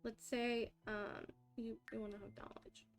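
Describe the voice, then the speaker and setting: High-voiced, excitable woman streamer. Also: measured pace, gravelly, faint music behind. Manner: chatty, excitable, talks to chat while playing. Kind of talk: live game stream chat.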